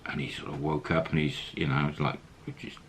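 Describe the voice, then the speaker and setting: A man's voice: very deep voice, level tone, brisk, fairly bright tone, slight background noise. A man telling a story casually, rambling with fillers.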